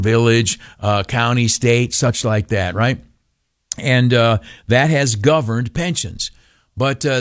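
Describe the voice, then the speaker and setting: A man hosting a talk radio show, telling a rambling, folksy story with lots of fillers and acted-out voices. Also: mid-range voice. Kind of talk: casual talk radio monologue.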